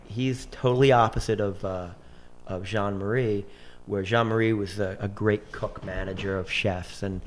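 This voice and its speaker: A man's voice: on the low side, a little hiss or hum. A man in his forties, a chef, telling long rambling stories in casual conversation, full of restarts and quoted dialogue.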